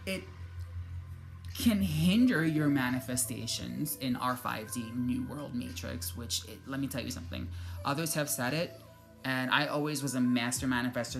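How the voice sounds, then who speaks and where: A woman's voice: extremely low pitch, moderate pace, creaky, soft background music. A woman vlogger giving casual spiritual motivation talk, chatty and joking, cursing freely and acting out her own reactions.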